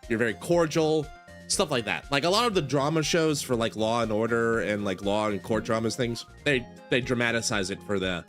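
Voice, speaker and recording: A man's voice: medium pitch, lively intonation, normal speed, fairly bright tone, soft background music. A young man casually narrating a game playthrough, rambling and leaning on filler words. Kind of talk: casual storytime commentary.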